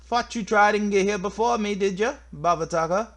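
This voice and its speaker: A man voicing a brash, boastful boy bully from a video game with a put-on British-style accent, taunting and shouting. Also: high-pitched, brisk, slight background noise, voice pushed up. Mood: cocky taunting. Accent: put-on British-style slang.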